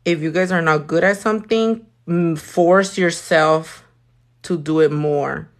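A woman's voice: fairly low pitch, measured pace. A woman, chatting casually and cursing freely while livestreaming her nail work. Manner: sassy, swears a lot, mixes in Spanish.

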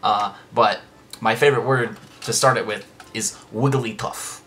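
A man's voice: lowish voice, fairly even intonation, moderate pace, background noise. A young man hosting a casual Let's Play, chatting and rambling with lots of restarts and side comments.

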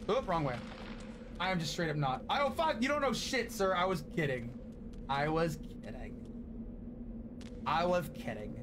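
A man in his late twenties plays a game on a live stream, chatting casually and profanely with his audience. He's excitable, swinging from loud outbursts to soft, thankful moments, and his pitch is fairly high. Background noise is present.

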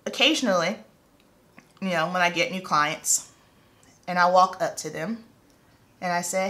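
A woman's voice: fairly low pitch, unhurried, pauses often, sharp tone. Woman, hairstylist, casual vlog chat, earnest, emphatic.

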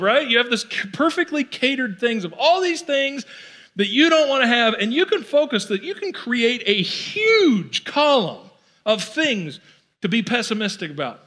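Bright, high-voiced male pastor preaching. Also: sing-song, normal speed. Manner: conversational, playful, acts out quoted voices. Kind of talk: sermon. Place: church auditorium.

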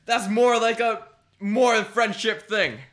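A young man from Canada hosting a casual reaction commentary, jumping between murmured asides and loud exclamations. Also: sits high, steady tone, slow. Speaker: YouTube commentary host.

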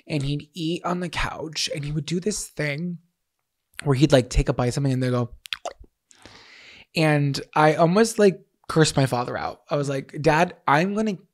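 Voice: mid-range voice, darkish tone. A podcast co-host in casual comedic chat, riffing playfully and mock-preachy.

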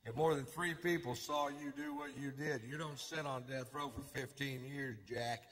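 A man doing a stand-up comedy set, telling stories in a drawling, deadpan way. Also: mid-range voice, moderate pace. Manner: drawling, deadpan storytelling with punchlines. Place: comedy club stage. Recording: live club with long reverb, faint crowd noise.

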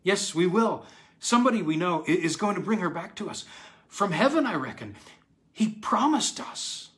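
A man voicing an eager, breathless little girl who talks high and loud with urgency. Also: very animated, normal speed. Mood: excited.

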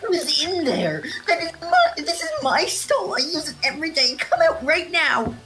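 A woman's voice: sing-song, normal speed. A woman voicing a fussy schoolkid who shrieks indignantly about his bathroom stall, with faint game music behind. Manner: shrieking, indignant, high-strung.

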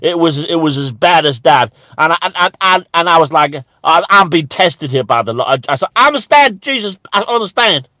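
A man playing a bigoted, stammering preacher who rambles indignantly and breaks into high shouts. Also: lively intonation, brisk, few pauses, dry recording. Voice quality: stammering, repeating words. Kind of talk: satirical character monologue.

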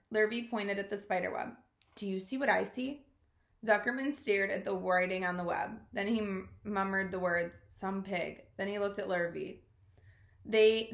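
A woman teacher reading a children's storybook aloud in an expressive way, in a roomy-sounding recording. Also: mid-range voice. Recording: roomy echo.

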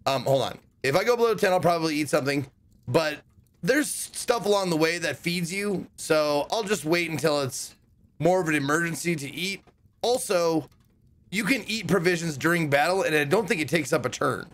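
A man's voice: a little high, lively intonation, moderate pace, a bit bright. A man streaming an adventure game, commenting casually and thinking aloud with hesitant restarts.

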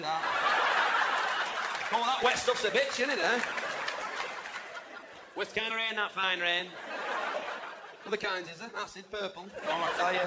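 A man's voice: high-pitched, heavy background noise. A man in his forties with a Northern English accent, doing live stand-up, chatty and mimicking people, laughing along. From England. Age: 40s. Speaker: stand-up comedian. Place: large arena stage. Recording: echoey arena, roaring crowd.

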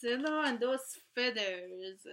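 High-pitched girl slowly unboxing stuff, all excited and gaspy. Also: slight background noise. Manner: excitable, gasping and gushing. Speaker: vlogger unboxing an album. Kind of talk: casual unboxing chat.

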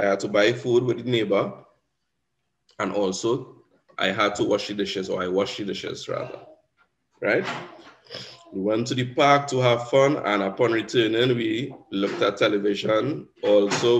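A man's voice: fairly low pitch, a little hiss or hum. A man with a Caribbean accent teaching an exam revision lesson, explaining patiently and often checking in with "right?". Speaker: Spanish teacher.

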